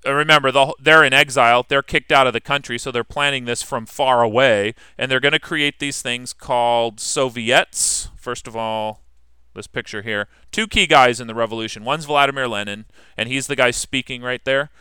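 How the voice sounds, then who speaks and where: Guy lecturing a class, bright crisp voice, chatty and asks the room questions. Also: mid-range voice, normal speed, no room sound, clean studio sound. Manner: conversational, explains with questions to the class. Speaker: history teacher.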